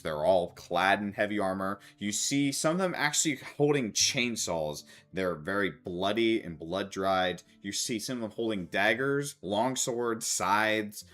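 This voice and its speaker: Male game master, animated pitch, halting narration, faint music behind. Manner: loose, halting, laughing between lines.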